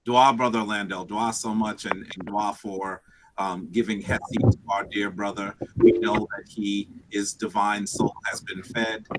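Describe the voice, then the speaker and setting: A man's voice: fairly low pitch, flat delivery, unhurried, very noisy. A man moderating a memorial gathering, affirming speakers and calling on the next ones. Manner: warm, affirming, calls on speakers. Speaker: ceremony moderator.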